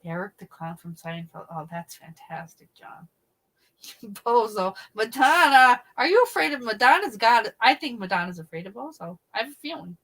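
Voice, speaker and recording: A middle-aged woman hosts a casual livestream, telling her chat a funny story while swearing and laughing mid-sentence. Her voice is on the high side at a moderate pace, she's animated as she reads chat, and the recording is rough.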